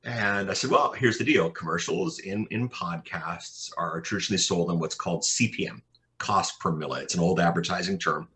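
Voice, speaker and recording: A man, a podcast consultant, telling animated anecdotes in an interview, often repeating his words as he goes. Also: low voice, normal speed. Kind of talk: interview storytelling.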